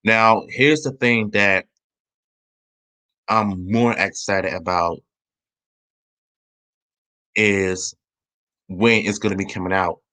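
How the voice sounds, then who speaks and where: A man hosting his own channel, chatting casually about a movie trailer in a rambling way, restarting his sentences and speeding up when excited. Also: on the low side, slow pace, pauses often. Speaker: channel host. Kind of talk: casual trailer review chat.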